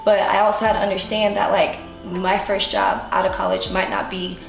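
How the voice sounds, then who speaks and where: A woman's voice: medium pitch, little pitch movement, normal speed, gravelly. A woman in her twenties, a vlogger telling her own story to camera in candid, casual talk full of "like". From United States. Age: 20s. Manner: candid, filler-heavy talk with frequent "like". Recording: echoey room with faint music.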